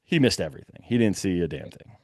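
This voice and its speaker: A young man telling a hunting story in a lively, casual way, acting out the shouts of the people in it. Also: low-pitched, quick pace, no echo, studio quality. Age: young adult. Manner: animated, breathless retelling with quoted shouts.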